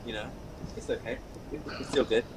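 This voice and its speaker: A man's voice: mid-range voice, fairly even intonation, brisk, a crowd in the background, poor audio. A man co-hosting a football watchalong, laid-back and chiming in with stats and asides. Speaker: fan channel co-host. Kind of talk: live match watchalong chat.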